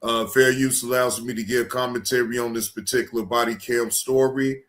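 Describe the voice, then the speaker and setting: A man's voice: mid-range voice, steady tone, moderate pace, a bit bright. A man streaming a casual reaction commentary, blunt and dismissive, with stammering fillers.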